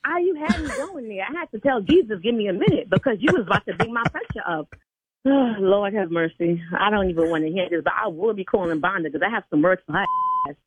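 A woman's voice: medium pitch, animated, fairly quick, a little hiss or hum. A woman on the phone as a church sign language interpreter, stern and indignant, calling on the Lord. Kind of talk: heated phone argument. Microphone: telephone. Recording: tinny phone line.

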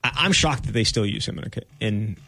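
A man hosting a morning radio show, chatting in a halting way with frequent laughs. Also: on the low side, pushed and bright, husky, dry recording, studio quality. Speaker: radio host.

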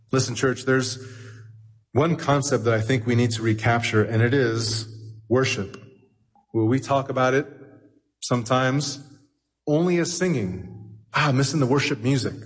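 A pastor preaching a sermon in a church, emphatic and repeating phrases for effect. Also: male voice, medium pitch, breathy edge. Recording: long hall reverb.

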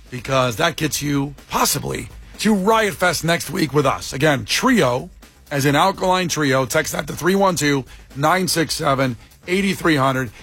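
Male radio host, upbeat promo reads, husky tone, slightly high pitch. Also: fairly bright tone. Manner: upbeat, quick, reads phone numbers and traffic. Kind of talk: morning radio banter and announcements.

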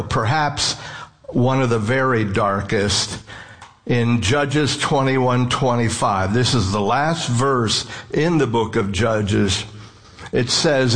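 A male preacher delivering a sermon at an unhurried pace. He sounds earnest and measured, drawing out key phrases for emphasis. His voice sits at a middle pitch for a man.

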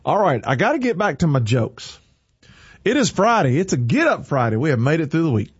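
A man's voice: a little high, big pitch swings, brisk, breathy edge, highs cut off. A man hosting a Christian radio morning show, upbeat and preachy, reading the weather and laughing at his own jokes.

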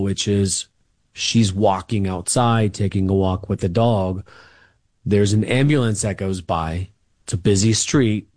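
Lowish-voiced man telling family stories. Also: a little mellow, no echo, studio quality. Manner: rambling, many fillers and restarts. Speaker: guest author. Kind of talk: casual storytelling interview.

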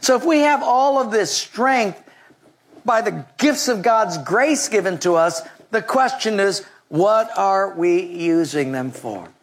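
A preacher delivers a sermon in front of a congregation, spinning a funny story and trading call-and-response with the listeners. The voice sits in an ordinary middle pitch. Jokes and direct questions to the room keep the delivery lively. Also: takes it slowly. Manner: leads call-and-response with the audience. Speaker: pastor. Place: before a live congregation.

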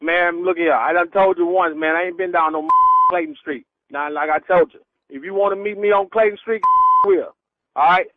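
A man's voice: sits high, steady tone, normal speed, dry recording. A man on a phone call who brushes off the caller, defiant and laughing. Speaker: prank call target. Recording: tinny phone line.

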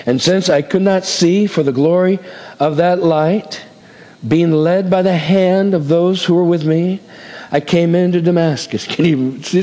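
A pastor preaching a sermon, reading scripture aloud and acting out the characters with shifting voices. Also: male voice, sits high, unhurried, dark tone, in a large hall.

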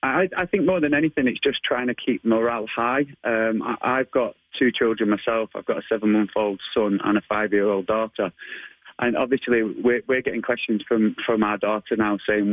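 Man, 30s, Manchester accent, lowish voice, dry close sound, chatty, halting. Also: no room sound, narrow, tinny audio. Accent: Manchester English. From England. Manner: chatty, laughs often, many ums and restarts. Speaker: interview guest, martial arts instructor. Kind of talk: casual phone interview.

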